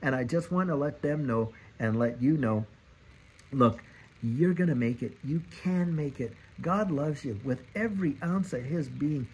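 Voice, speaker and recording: A man's voice: fairly high pitch, unhurried, darkish tone, breathy edge, low-quality recording. A man in his fifties giving an earnest, exhorting sermon and repeating his key phrases. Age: 50s. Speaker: Christian speaker.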